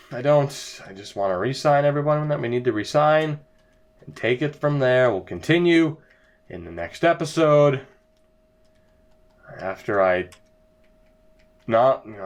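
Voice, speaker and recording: A young man giving sarcastic, exasperated commentary over a hockey video game as he plays. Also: mid-range voice. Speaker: gaming video creator. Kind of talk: let's-play commentary.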